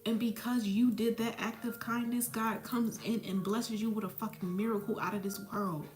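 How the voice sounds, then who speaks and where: Her voice slightly high and a little mellow, a woman spiritual mentor and psychic medium delivers a profane, blunt and preachy motivational talk at a moderate pace. Intonation stays fairly even, and faint music plays behind her in an echoey room.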